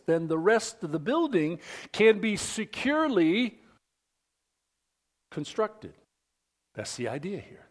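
A high-voiced pastor preaches a sermon emphatically, swinging widely between loud declarations and hushed near-whispers. He puts questions to the congregation.

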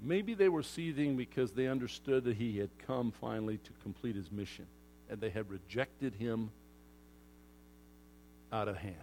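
A man preaching a sermon to his congregation in a lively way, acting out crowd voices and moving from loud outbursts to hushed asides. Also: on the low side, moderate pace, long pauses, a little hiss or hum. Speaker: pastor.

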